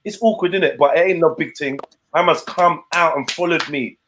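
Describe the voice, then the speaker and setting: Animated young man telling a story. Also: a little high, fairly quick, background noise. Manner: animated, slangy, swearing, quoting people in voices. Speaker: podcast co-host. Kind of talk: casual chat, storytelling.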